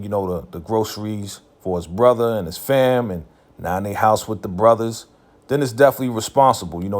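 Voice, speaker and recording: A man's voice: fairly low pitch, darkish tone. A man casually recapping a TV episode in a laid-back, slangy way, full of filler phrases.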